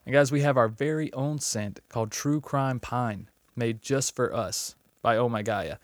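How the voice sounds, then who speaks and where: A man's voice: medium pitch, measured pace, dry recording. A man co-hosting a podcast in easygoing casual chat, also reading sponsor spots. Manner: chatty, easygoing, reads ad copy. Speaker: podcast co-host.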